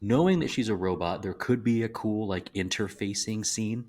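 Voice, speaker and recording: A man from the American South, co-hosting a casual movie podcast, talking in a halting, thoughtful way with frequent restarts. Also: on the low side, a little mellow. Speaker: podcast co-host.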